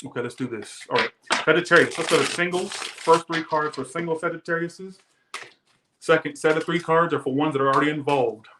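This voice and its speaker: A man's voice: a little high, brisk, echoey room, noisy background. A man reading tarot who rants defensively and emphatically to his viewers in casual talk. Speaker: tarot reader.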